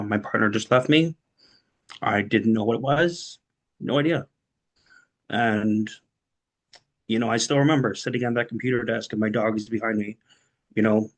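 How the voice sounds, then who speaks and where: A man speaking as a panel guest, telling his personal story in an emotional, halting way with many "you know"s. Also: lowish voice, low-quality recording.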